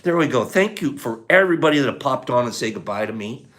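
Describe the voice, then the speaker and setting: An older man hosting a morning livestream, talking softly and tearfully about gratitude, then turning loud and excited as he greets viewers. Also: medium pitch, fast talker. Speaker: livestream host. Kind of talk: emotional morning livestream chat.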